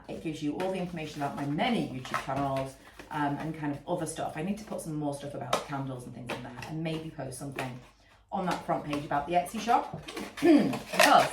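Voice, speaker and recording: A woman in her thirties, congested and sniffling from a cold, chatting casually and rambling with many fillers while she works at home. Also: sits low. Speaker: vlogger and candle maker. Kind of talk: casual chat to camera. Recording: echoey room, mic a little far, noisy.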